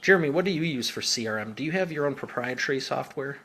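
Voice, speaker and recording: A man's voice: mid-range voice, expressive, fast, a bit bright, a little hiss or hum. A man working as a business coach, answering viewer comments in a casual, upbeat live Q&A with informal slang.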